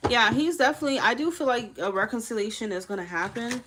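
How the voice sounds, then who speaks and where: A woman's voice: a little high, fast talker, few pauses, noisy background. Chatty woman giving tarot readings. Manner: chatty, laughing, addresses viewers as y'all. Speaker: tarot reader. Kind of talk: live-stream tarot reading.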